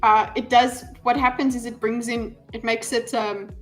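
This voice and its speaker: A woman with a slightly high voice talks to her live-stream viewers at a normal speed in a level tone. Her casual commentary rambles, full of ums and false starts, over faint background music.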